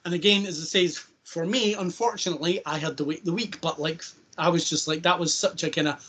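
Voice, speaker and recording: A man's voice: fairly high pitch, steady tone, pushed and bright, breathy edge. Rambling man, lots of fillers. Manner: rambling, filler-heavy, acts out scenes with quick impressions. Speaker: podcast host. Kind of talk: casual chat.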